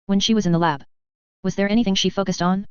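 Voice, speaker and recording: Steady young guy leading the group in an audiobook, woman reader doing him, dry dull sound. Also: medium pitch, fast talker, smooth, dry recording, lightly acted. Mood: gentle questioning. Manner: steady and practical. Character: young male leader, calm and practical.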